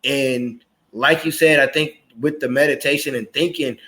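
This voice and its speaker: A man in his thirties hosting a casual interview chat, animated and acting out quoted voices as he talks. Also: mid-range voice, normal speed. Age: 30s. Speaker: podcast host.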